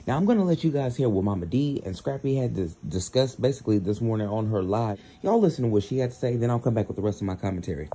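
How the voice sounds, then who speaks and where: A man's voice: fairly low pitch, expressive, fast, few pauses, mellow, a little hiss or hum. A man giving casual commentary for his channel, talking straight to viewers and filling with "you know.". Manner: addresses viewers directly, fills with "you know". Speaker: YouTube commentator.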